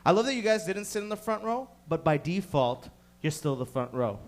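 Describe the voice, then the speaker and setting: Brief: thirties male comic, high voice, rowdy and foul-mouthed on a club mic. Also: sing-song, brisk. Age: 30s. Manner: profane, rowdy storytelling. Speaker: stand-up comedian. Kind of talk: stand-up comedy. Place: comedy club stage.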